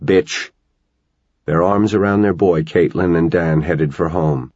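Very low, husky male narrator. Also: moderate pace, darkish tone, no echo, lo-fi sound. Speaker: audiobook narrator. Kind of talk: scripted narration.

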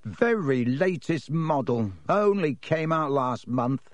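A man's voice: mid-range voice, big pitch swings, moderate pace, no echo, natural voice. A man voicing a sneering, cocky teenage team captain who talks carelessly and nastily. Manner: careless, nasty, smug.

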